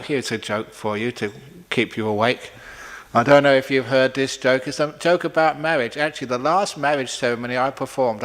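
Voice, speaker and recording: A man speaks as a monk giving a public talk, playful and a little cheeky. He keeps changing his pitch and pace, rising high and then dropping low and slow. His voice carries a long reverb from a large hall. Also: fairly bright tone. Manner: playful, varies pitch and speed for effect.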